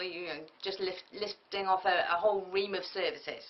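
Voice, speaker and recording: A woman giving a business tutorial, lively and often acting out example speakers. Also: medium pitch, normal speed. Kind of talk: tutorial lecture. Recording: muffled lo-fi audio from a distance.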